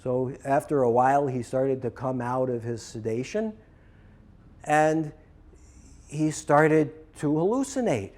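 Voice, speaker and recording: A man telling a personal story to trainees, lively and acting out both sides of the conversations he recounts. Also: mid-range voice. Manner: animated, acts out both sides of a dialogue. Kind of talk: storytelling talk.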